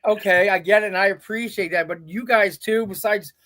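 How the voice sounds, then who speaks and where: A middle-aged man with a notably high speaking voice tells stories from his career as an interview guest. He acts out each quote in the other person's voice, peppering it with "I'm like" and "he goes.". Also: brisk. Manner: animated storyteller, quotes people in their own voices. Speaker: guest, veteran indie pro wrestler. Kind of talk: casual storytelling interview.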